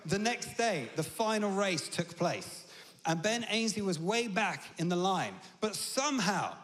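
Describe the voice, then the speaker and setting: British male preacher, fairly high voice, chatty storyteller, long church reverb. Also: a bit bright. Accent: British English. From Britain. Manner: chatty storytelling, humorous asides. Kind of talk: conversational sermon.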